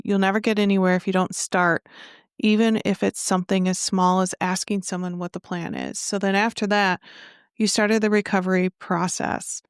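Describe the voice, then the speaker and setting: A woman's voice: mid-range voice, smooth, no room sound, studio quality. Chatty woman podcast host. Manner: warm, chatty, laughs easily. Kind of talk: casual interview chat.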